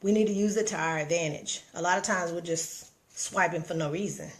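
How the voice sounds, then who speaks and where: A woman's voice: on the low side, fairly quick. A middle-aged woman hosting a live stream, giving casual motivational talk straight to her viewers, emphatic and repetitive, talking into her phone. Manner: preachy, emphatic, repeats herself, talks straight to viewers.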